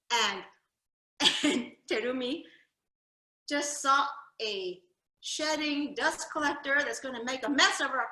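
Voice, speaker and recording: A woman telling her family's history at a library talk, lively and animated, acting out her grandfather's jokes. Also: sits high. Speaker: storyteller giving a library talk. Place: library event room. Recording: echoey room.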